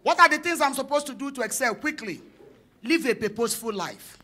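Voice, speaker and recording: Animated woman pastor preaching. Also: high voice, fairly quick. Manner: animated storytelling, acting out dialogue, rising to shouted declarations. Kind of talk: sermon with a personal story. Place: church conference hall.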